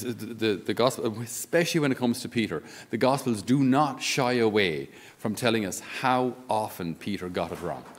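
A man with an Irish accent, a Catholic priest giving a conversational homily with wry asides. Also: lowish voice. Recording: long reverb of a large hall.

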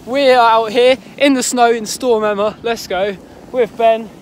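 Breathless high-voiced lad outdoors. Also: male voice, measured pace, a little hiss or hum. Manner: loud, excitable, swearing. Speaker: vlogger. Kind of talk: casual vlog talk to camera. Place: outdoors on a snowy golf course in a blizzard. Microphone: handheld phone.

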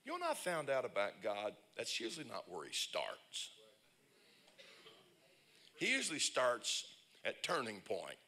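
A man preaching a lively, humorous sermon, telling stories and breaking into shouts. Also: medium pitch, unhurried, long pauses. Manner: animated storyteller, bursts into shouts and laughs. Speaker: pastor. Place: church conference service.

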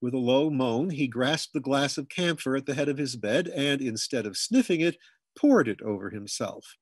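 A man reading a humorous memoir aloud in scripted narration, now and then jumping into loud, high shouts for the family members he quotes. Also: animated, normal speed, husky, no room sound. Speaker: audiobook reader.

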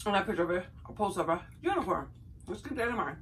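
Middle-aged woman, a bright, animated vlogger telling a story. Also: mid-range voice, very fast, slight background noise, low-quality recording. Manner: animated, chatty, addresses viewers as y'all. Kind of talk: casual storytelling to camera.

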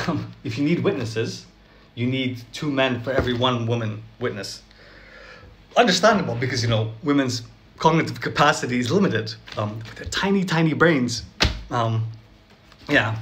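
A man's voice: mid-range voice, fairly bright tone, a little hiss or hum. A man talking casually to camera in a sarcastic, chatty way, often laughing and asking "right?" between points. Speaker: vlogger. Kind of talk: casual direct-to-camera commentary.

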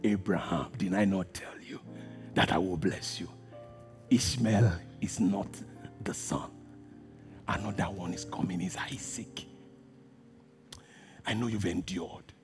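A preacher voicing God speaking to Abraham in a low, hushed, solemn tone. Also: male voice, slow, pauses often, over music.

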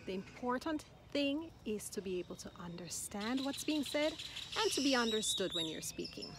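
A woman's voice: a little high, very animated. Encouraging woman teaching with noise behind. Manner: encouraging, repeats words slowly and distinctly. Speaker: Spanish teacher. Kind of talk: slow, clear language lesson. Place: outdoors in Mexico.

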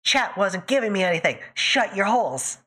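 A woman's voice: mid-range voice, big pitch swings, normal speed, fairly bright tone, slightly rough. A woman hosting a casual livestream chat, blunt and teasing, swearing freely. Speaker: streamer host.

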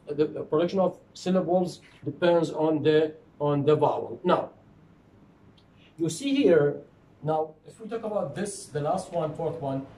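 A man's voice: on the high side, warm tone. A man lecturing on phonetics, repeating himself and answering his own questions. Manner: repetitive, asks questions and answers them. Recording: echoey room with faint noise.

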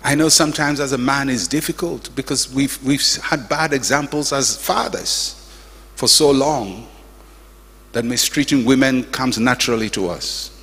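An older pastor preaching a sermon in a church, with emphatic, repetitive exhortation and humorous asides. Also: male voice, medium pitch, moderate pace, a bit bright, husky. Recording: echoey church hall.

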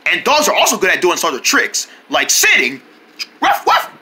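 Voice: medium pitch, very animated, brisk, sharp tone. A children's show host narrating in a cheerful sing-song, talking straight to young viewers.

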